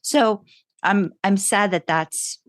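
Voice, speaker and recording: A woman with a medium-pitched voice speaks slowly while co-hosting a fan podcast. Her casual chat rambles, restarts, and stays upbeat throughout. The recording is dry and studio quality.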